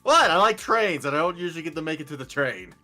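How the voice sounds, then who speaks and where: Man streamer, bright sharp tone, lively swings in pitch, playful casual gaming banter. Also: quick pace, faint music behind. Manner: playful, laughs often, mock-offended teasing. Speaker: streamer playing a farming game.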